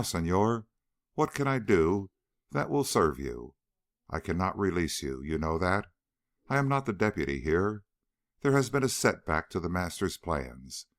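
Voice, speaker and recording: A man reading the part of a bitter young man who formally offers a guarded friendship in an audiobook. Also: sits low.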